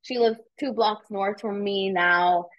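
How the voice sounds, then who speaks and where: A woman realtor chatting in a casual interview, telling animated stories and swearing casually. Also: medium pitch, takes it slowly, highs cut off. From United States. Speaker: realtor guest.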